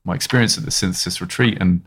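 Guy hosting a podcast, lowish voice, rambles and restarts a lot, gets excited. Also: fast, slightly rough. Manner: rambling, expressive, many restarts and rising excitement. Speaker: podcast host. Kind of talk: casual podcast conversation.

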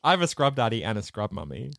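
Animated podcast co-host. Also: medium pitch, fast talker, gravelly, dry recording, clean studio sound. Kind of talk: casual film chat.

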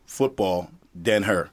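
This Virgin Islands-born football coach, middle-aged and co-hosting a podcast, swaps stories casually, acting out quotes and laughing a lot. His voice is very high-pitched and fairly bright, with slight background noise behind it.

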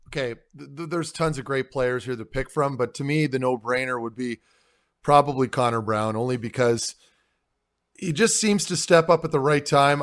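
A man's voice: medium pitch, fairly bright tone. A man co-hosting a casual sports podcast, easygoing and joking along. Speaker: podcast co-host.

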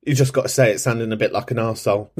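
A man's voice: a little mellow, breathy edge. A man hosting a podcast, chatting casually and cheekily in response to listeners' voice notes, camp and sweary. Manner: camp, cheeky and sweary, with big swoops in pitch. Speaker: podcast host.

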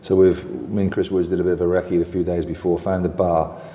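A man's voice: deep voice, a little fast. A man in his sixties, a former footballer, telling anecdotes with chuckles and many restarts. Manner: chuckling, animated storyteller, full of restarts. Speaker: former footballer, interview guest. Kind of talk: anecdotal storytelling. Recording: roomy reverberant room sound.

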